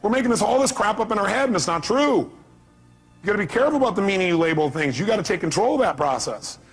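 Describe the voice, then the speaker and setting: Emphatic, high-voiced motivational speaker man. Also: lively intonation, fast, breathy edge, faint music behind. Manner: emphatic, fires rhetorical questions at the crowd. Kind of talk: live seminar talk.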